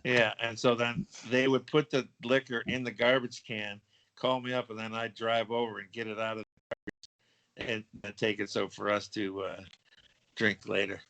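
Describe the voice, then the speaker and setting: A man chatting casually with old friends on a podcast, remembering things in a relaxed, rambling way. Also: on the low side, normal speed, creaky, low-quality recording. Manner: easygoing, recalls things with fillers and restarts. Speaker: podcast guest.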